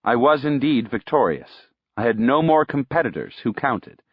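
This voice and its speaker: A man narrating an audiobook in the first person, in a steady storytelling way. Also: medium pitch, normal speed, breathy edge, no echo. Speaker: audiobook reader. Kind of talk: scripted narration. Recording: dull, dry lo-fi recording.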